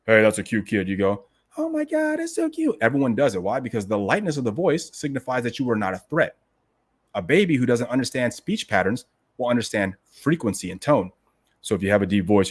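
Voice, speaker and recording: A man hosting a show who reads passages from a classic text aloud and then explains them in a casual, emphatic way, often asking "right?" and talking to the listeners as "guys". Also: fairly low pitch. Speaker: host explaining a martial arts classic.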